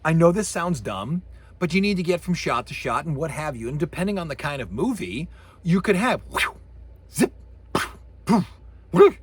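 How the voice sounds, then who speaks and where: A man giving a recorded university lecture, animated, acting out sound effects with his voice. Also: on the high side, a little fast, husky.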